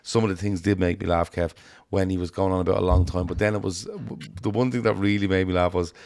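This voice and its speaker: A man's voice: low voice, fairly even intonation, fast, a little mellow, dry recording, clean studio sound. A man co-hosting a football podcast in casual, jokey chat, laughing at his own stories. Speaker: podcast co-host.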